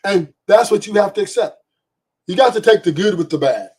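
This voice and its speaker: Blunt, profane man with a husky voice. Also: sits high, expressive, a little fast, darkish tone. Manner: blunt, profane, rhetorical "right?" asides. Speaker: podcast host. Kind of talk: opinionated podcast monologue.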